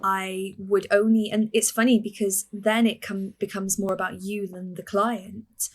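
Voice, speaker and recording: A woman's voice: mid-range voice, level tone. Chatty young woman, podcast guest. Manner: chatty and upbeat, quick to laugh. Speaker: podcast guest, fitness coach. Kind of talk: casual interview chat.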